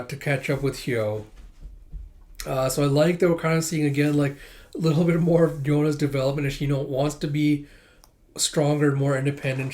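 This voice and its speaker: A man giving relaxed, rambling thoughts on a comic he just read, with lots of fillers. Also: medium pitch. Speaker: comic readthrough host. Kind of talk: casual reading commentary.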